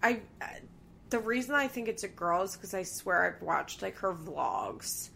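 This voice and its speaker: A woman's voice: medium pitch, lively intonation, normal speed, gravelly, a crowd in the background. A woman co-hosting a podcast in casual chat, talking loosely with frequent fillers and laughing often. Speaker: podcast co-host. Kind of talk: casual chat recapping a reality show.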